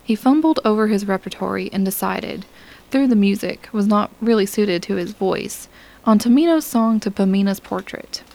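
A woman narrating a science fiction story in a calm, measured audiobook style. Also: medium pitch, creaky, rough recording.

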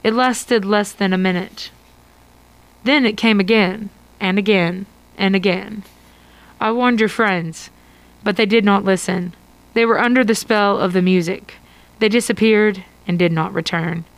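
A woman reading the lines of a calm male jungle guide in a slow, grave way. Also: mid-range voice, natural voice, poor audio. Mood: solemn.

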